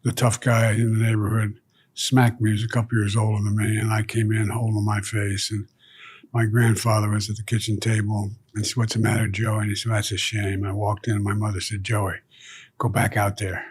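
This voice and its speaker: An older man, a guest, recalling childhood stories in a relaxed conversation, often dropping to a low murmur. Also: brisk, slightly rough. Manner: reflective anecdotes, trailing to a low murmur. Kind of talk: storytelling in conversation.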